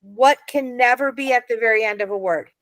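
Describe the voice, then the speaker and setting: A woman's voice: on the high side, brisk, a bit bright, dry recording. A woman teaching an adult Hebrew reading class, patient and encouraging, explaining step by step.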